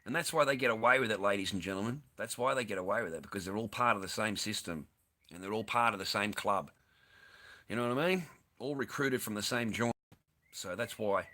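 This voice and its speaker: A man's voice: fairly low pitch, a little fast, sharp tone. A man ranting over news clips in a crude, sweary, sarcastic way. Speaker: online streamer.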